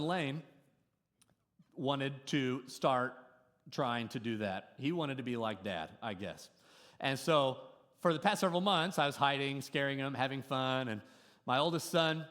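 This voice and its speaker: A middle-aged man preaching a sermon to his congregation, telling a story with sudden swings between loud and soft. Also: mid-range voice. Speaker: pastor. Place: church service before a congregation.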